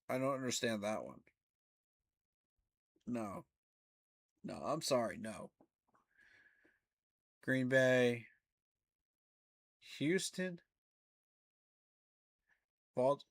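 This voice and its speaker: A man with a drawl talks slowly and unhurriedly, reacting to rankings in casual commentary. He keeps sounding incredulous and breaks into laughing asides. His voice sits in an ordinary middle pitch. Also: animated, creaky. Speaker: fan channel host.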